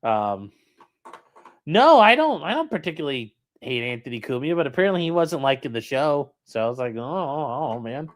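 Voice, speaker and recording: A man's voice: on the high side, very animated, fairly quick. A young man hosting a casual call-in livestream from a room at home, rambling and joking while reading chat aloud. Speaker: call-in show host.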